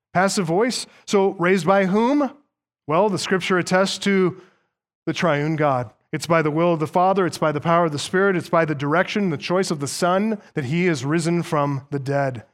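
A man with a voice on the high side preaches a sermon as pastor. He reads scripture aloud and explains it point by point, slowing down to stress key words.

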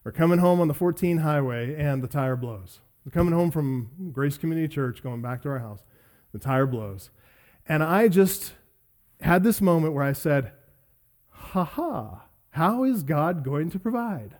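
Man, middle-aged, preacher, somewhat high voice, earnest questions, self-deprecating anecdotes. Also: expressive, normal speed, a little mellow. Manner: earnest, questioning, tells personal stories with self-deprecating humor. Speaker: pastor. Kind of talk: sermon.

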